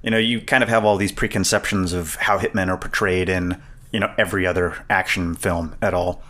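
A man co-hosting a podcast, chatting casually about a movie and getting animated when retelling scenes. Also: sits low, a little fast. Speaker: podcast co-host. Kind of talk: casual film discussion.

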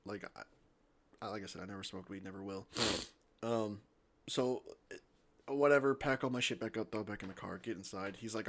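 A man's voice: lowish voice, brisk, vocal fry, pauses often. A young man co-hosting a podcast, telling a story in a casual, profane, laughing way. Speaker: podcast co-host.

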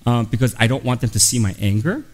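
A man's voice: mid-range voice, expressive, fast talker, poor audio. A middle-aged man preaching a storytelling sermon, with a voice that sits in an ordinary middle register. He speaks earnestly and confessionally, and he brings the people in his story to life by acting out their lines. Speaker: guest pastor.

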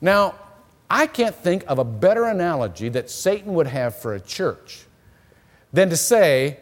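Guy preaching, tells stories, repeats himself a lot, pitch all over the place, big echoey church. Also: unhurried. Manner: storytelling, animated, repeats words. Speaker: pastor. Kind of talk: sermon. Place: church hall. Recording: long reverb of a church hall.

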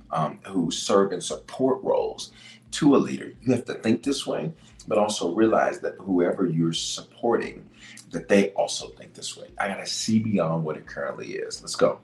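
A man's voice: vocal fry, reverberant, poor audio. A bishop preaching on leadership, reading scripture and repeating his key points with emphasis. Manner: emphatic, repeats key lines, swings between loud bursts and low asides. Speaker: bishop and podcast host.

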